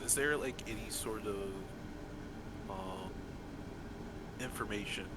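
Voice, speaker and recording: A man's voice: fairly low pitch, takes it slowly, heavy background noise. A man playing in a tabletop game, talking hesitantly and swearing often. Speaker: player. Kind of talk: casual game chat.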